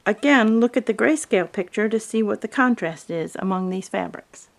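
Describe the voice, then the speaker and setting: A woman with a mid-range voice and a gravelly, fry-tinged edge narrates a quilting lesson. She talks through her fabric choices calmly and plainly, one item at a time, like a patient instructor. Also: mid-range voice, moderate pace. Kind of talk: video tutorial narration.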